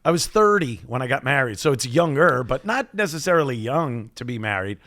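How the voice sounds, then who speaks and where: A man of middle pitch talks casually on a podcast, pausing and restarting as he reflects. The recording is dry, with no room sound. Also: very animated, fairly bright tone, no echo. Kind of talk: casual chat.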